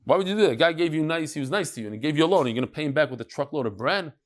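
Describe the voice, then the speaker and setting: A middle-aged man teaching a lively Talmud lesson to a live audience, mixing Hebrew and Yiddish terms and joking with listeners. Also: a little high, very fast. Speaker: rabbi teaching a daily Talmud class. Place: study hall with a live audience.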